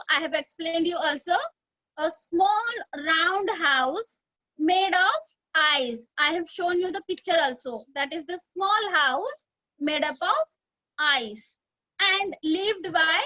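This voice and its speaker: A very high, bright woman's voice, explaining a lesson step by step. She repeats and rephrases each point. The recording is dry and somewhat dull. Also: no room sound. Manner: explains slowly, repeats and paraphrases, reads story lines aloud. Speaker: English teacher.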